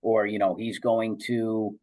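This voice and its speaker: A man hosting a radio talk show, speaking casually with halting restarts. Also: fairly low pitch, flat delivery, warm tone, rough recording. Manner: halting, many fillers and restarts.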